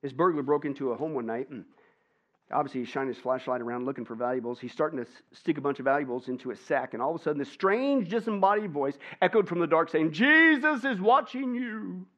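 Lively man preaching, lo-fi sound. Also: medium pitch, fast talker. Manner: lively, conversational, tosses questions to the listeners. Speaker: pastor. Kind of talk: sermon. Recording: dull lo-fi sound.

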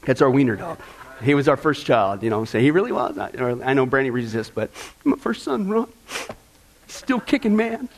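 A man's voice: medium pitch, very animated, normal speed, creaky, slight background noise. A middle-aged man, a pastor, teaching Scripture in a loose, storytelling way, full of fillers and repeated words, often asking "right?" and "okay?". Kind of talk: Bible teaching.

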